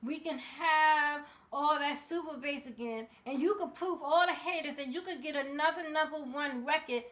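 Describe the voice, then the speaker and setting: Very high-voiced sassy woman ranting. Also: normal speed, fairly bright tone. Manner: passionate, sassy, speaks straight to people. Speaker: vlogger. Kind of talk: ranting celebrity commentary.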